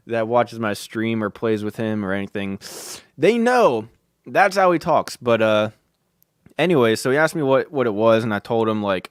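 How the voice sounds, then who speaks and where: A man's voice: lowish voice, lively intonation, normal speed, clear, resonant tone, no room sound, clean studio sound. A young man hosting a podcast from home, rambling casually with lots of fillers, restarts and offhand swearing. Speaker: podcast host.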